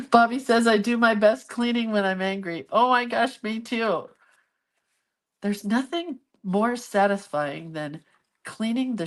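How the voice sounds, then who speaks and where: A middle-aged woman chatting casually to viewers while she works on a craft project, chatty and self-deprecating. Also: lowish voice. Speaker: craft vlogger.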